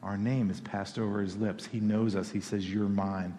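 A man's voice: fairly low pitch, fairly even intonation, normal speed, mellow. Man preaching in a reverberant church hall. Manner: conversational, rising to emphatic peaks. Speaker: pastor. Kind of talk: sermon.

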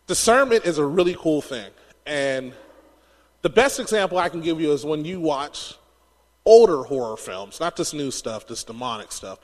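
Animated high-voiced male preacher. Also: in a large hall. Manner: animated storytelling, laughing often. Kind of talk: sermon.

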